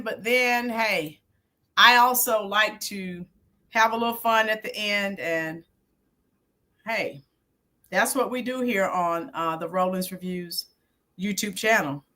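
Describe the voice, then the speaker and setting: Taking it slowly with long pauses, she speaks at a medium pitch in a pushed, bright tone. The middle-aged woman is hosting her YouTube channel, where she teaches, chatting casually live with viewers, reminiscing and calling them by name.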